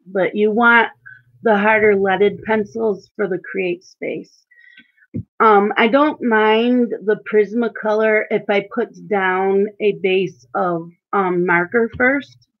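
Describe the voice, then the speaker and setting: A woman's voice: medium pitch, fairly even intonation, slow, narrow, tinny audio. A woman hosting a live stream while she colors, chatting casually with viewers and reading out their comments. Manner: chatty, reads out and answers viewer chat. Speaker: coloring channel host.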